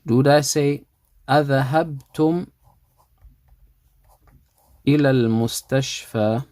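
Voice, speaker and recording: Male language teacher, mid-pitched voice, patient and repetitive, close dry sound. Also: darkish tone, no echo. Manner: reads Arabic lines slowly, repeats them, then translates. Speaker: Arabic teacher. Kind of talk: explaining a textbook dialogue.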